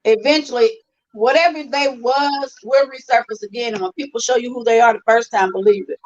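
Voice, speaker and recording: A woman co-hosts a casual live-streamed chat, talking from her phone in a slightly high voice. She thinks aloud and stops to hunt for the right word. The phone audio is a bit dull and lo-fi. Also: brisk. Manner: thinks aloud, searches for words mid-sentence. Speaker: co-host.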